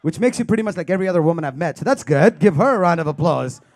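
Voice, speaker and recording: High-voiced stand-up comedian. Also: male voice, lively intonation, racing, a little mellow. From India. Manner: teasing, crowd-work banter. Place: live comedy stage.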